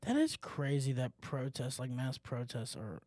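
A man's voice: mid-range voice, very animated, a little slow, darkish tone, dry recording, studio quality. A man co-hosting a podcast in casual chat, joking and laughing often. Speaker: podcast co-host.

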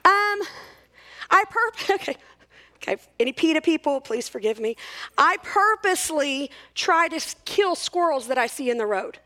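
A woman's voice: sits high, lively intonation, moderate pace, bright, forceful tone. A woman in her forties giving a chatty, self-mocking talk to a church crowd, full of jokes. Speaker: church speaker. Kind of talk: humorous talk at a church service.

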